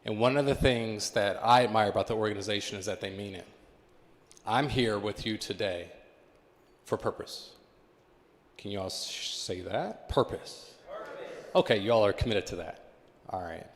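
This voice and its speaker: A man's voice: fairly low pitch, normal speed, long pauses, a little hiss or hum. Man giving an engaging talk in a reverberant hall. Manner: engaging, quizzes the audience. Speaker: keynote speaker. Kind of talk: motivational talk to a live audience. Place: conference hall with live audience.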